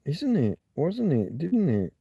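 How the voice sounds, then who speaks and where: Slow, gravelly man rambling on a livestream. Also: on the high side, wildly swooping pitch, no room sound, highs cut off. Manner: thinks aloud, muttering asides while reading chat. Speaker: livestream host. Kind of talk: rambling live chat with viewers.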